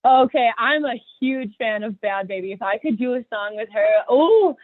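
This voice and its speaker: A young woman rapper chatting casually as a podcast guest, excitable and profane, laughing often. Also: fairly high pitch, moderate pace, no echo. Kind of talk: casual chat. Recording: dry tinny phone-like audio.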